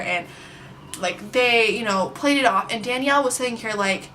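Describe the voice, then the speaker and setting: A young adult woman telling a story on her vlog, chatty and animated, with plenty of filler words. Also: fairly high pitch, normal speed, slight background noise. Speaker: vlogger. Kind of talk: casual storytime.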